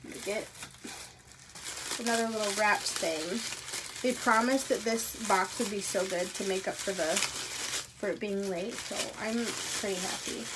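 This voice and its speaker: A woman unboxing a subscription box at home, gushing and excitable, dropping into hushed whispers between bursts of delight. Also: mid-range voice, noisy background. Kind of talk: casual unboxing vlog.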